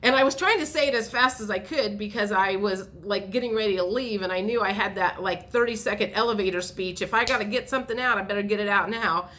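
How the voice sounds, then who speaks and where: A woman in a casual vlog, telling a long everyday story in a chatty, rambling way. She speaks at an ordinary middle pitch and trips over her words with fillers and restarts as she goes. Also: steady tone, a little fast, few pauses, pushed and bright. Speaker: vlogger.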